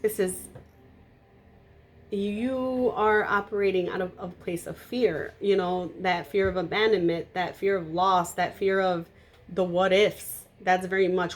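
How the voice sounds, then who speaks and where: A woman giving a tarot reading to camera, blunt and emphatic, naturally loud, with casual swearing. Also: on the low side, steady tone, unhurried. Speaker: tarot reader.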